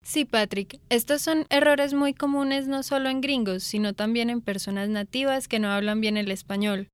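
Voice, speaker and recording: Native spanish-speaking woman, higher voice, saying words slow and clear for a language lesson. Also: dry recording. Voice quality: slow, carefully articulated model pronunciation.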